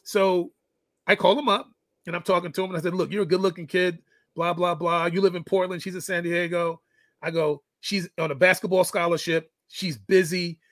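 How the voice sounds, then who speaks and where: A man's voice: high-pitched, little pitch movement, normal speed, no echo. A middle-aged man and father telling a parenting story in casual chat, acting out the quoted lines. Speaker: guest, fitness coach and father.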